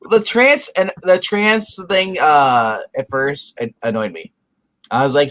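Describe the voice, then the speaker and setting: A man co-hosting a casual review podcast, animated and often restarting his sentences. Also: on the high side, takes it slowly. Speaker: podcast co-host.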